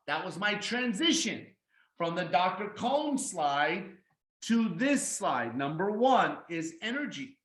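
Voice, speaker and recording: A man teaching how to present a sales pitch, emphatic and energetic, acting out his pitch lines with deliberate pauses. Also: reverberant, rough recording. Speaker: sales trainer. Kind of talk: presentation training talk.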